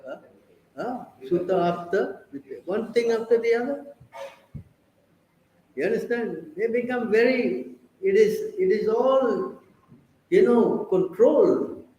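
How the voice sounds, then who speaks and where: A man's voice: sits high, takes it slowly, pauses often, mellow, echoey room, poor audio. A man giving a scripture class, preaching and prodding his listeners with rhetorical questions.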